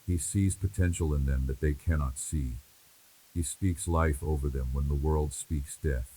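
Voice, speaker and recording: Man with an extremely deep voice. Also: warm tone, slight background noise, low-quality recording. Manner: measured, repetitive, reassuring cadence. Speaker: devotional speaker. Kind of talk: scripted devotional message spoken in God's voice.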